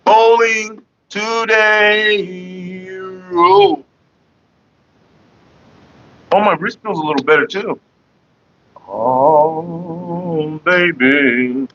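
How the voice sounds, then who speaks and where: A man's voice: fairly high pitch, slow, a bit bright, highs cut off. A young man rambling casually to camera, joking and laughing often. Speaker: vlogger.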